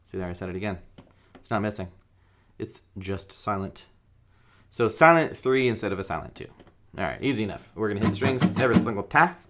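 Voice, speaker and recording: A man's voice: fairly low pitch, lively intonation, brisk, a bit bright. A man teaching a guitar rhythm lesson in a casual, joking way, counting beats aloud while he strums.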